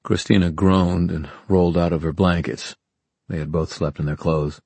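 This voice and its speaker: A man reading an audiobook in calm, measured narration. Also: low-pitched, vocal fry, slightly rough, no echo. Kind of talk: scripted narration.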